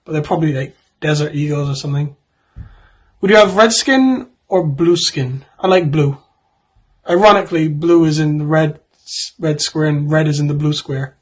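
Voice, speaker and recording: A man's voice: fairly high pitch, normal speed. A man in his twenties, a YouTuber, reading out would-you-rather questions and answering them in a rambling, joking way with offhand asides.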